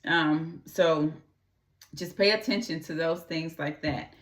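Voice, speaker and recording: A woman's voice: low voice, fairly even intonation, echoey room, distant mic. A woman talking earnestly to her audience, repeating her urgings and briefly acting out the voices of people she describes. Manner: earnest, repeats urging phrases, acts out quick quoted voices. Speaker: host. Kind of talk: casual talk to camera.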